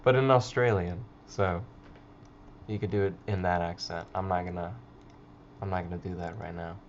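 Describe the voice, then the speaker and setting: A man's voice: low-pitched, steady tone, normal speed, muffled recording, slight background noise. A man hosting a casual livestream chat, rambling with frequent stammers and swearing. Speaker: livestream host.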